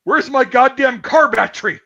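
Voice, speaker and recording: A man imitating a furious old man who yells about his stolen car battery. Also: very high voice, moderate pace, creaky, muffled recording, pitched above the performer's own voice, heavily acted. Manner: bellowing.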